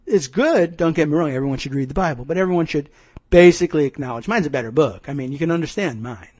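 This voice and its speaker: A man's voice: on the high side, lively intonation, quick pace, darkish tone, husky, no room sound. A man mimicking a bragging, rambling president. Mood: boastful. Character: boastful male president, self-aggrandizing, rambling.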